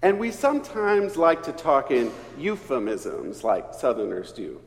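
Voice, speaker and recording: Middle-aged pastor from East Texas, unhurried storyteller with a lively, swooping voice, heard in a reverberant church hall. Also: male voice, vocal fry. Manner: slow, storytelling delivery with wide swings in pitch and volume. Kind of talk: sermon.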